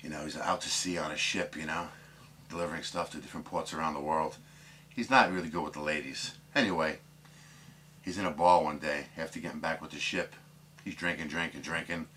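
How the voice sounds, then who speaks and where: A man's voice: rumbling low, fairly even intonation, fairly quick, pushed and bright, a little hiss or hum. A man telling dirty jokes casually, rambling with lots of fillers and putting on voices for the characters. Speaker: joke teller.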